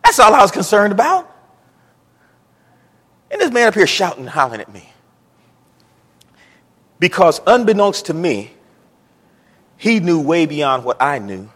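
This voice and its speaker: Middle-aged male preacher, high bright husky voice, emphatic repeats, rising to shouts, long church reverb. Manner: emphatic, repetitive, builds to shouting. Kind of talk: sermon.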